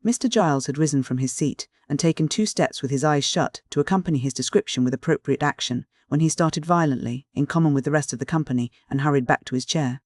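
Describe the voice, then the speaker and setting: A male audiobook narrator reading a classic novel in a measured, steady way. His voice sits a little higher than most men's. The recording is close and dry, with no room sound. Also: no room sound.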